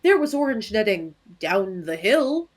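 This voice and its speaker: A woman's voice: medium pitch, sing-song, unhurried. Self-mocking woman podcast co-host. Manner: self-deprecating, joking storyteller. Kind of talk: casual chat. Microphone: headphones on, home recording.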